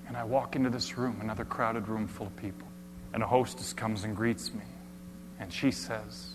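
A man preaching a dramatic sermon, telling a first-person story with slow emphatic phrasing and drops to near-whispers. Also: medium pitch. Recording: hall reverb with faint hum.

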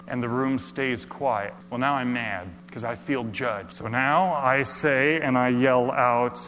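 A man preaching a dramatic sermon, telling a first-person story with slow emphatic phrasing and drops to near-whispers. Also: mid-range voice, steady tone, fairly bright tone. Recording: hall reverb with faint hum.

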